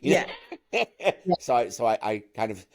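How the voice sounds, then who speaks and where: Camp, animated man, low voice. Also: normal speed. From Manchester, England. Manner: camp, animated, with stammered restarts. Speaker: guest, actor and singer. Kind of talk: casual interview chat.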